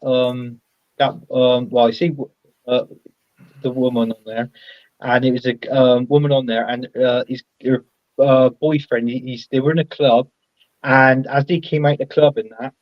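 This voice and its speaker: A man's voice: medium pitch, normal speed, dry recording, muffled recording. A man talking casually as a guest on a livestream, rambling and hesitant. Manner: rambling, hesitant, many restarts and fillers. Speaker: guest co-host.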